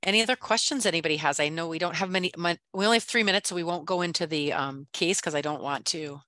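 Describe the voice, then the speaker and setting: A facilitator of a clinical teaching session who speaks in an animated way, acting out the remarks people make, over a video call. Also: medium pitch, quick pace, dry recording. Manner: animated, acts out quoted remarks.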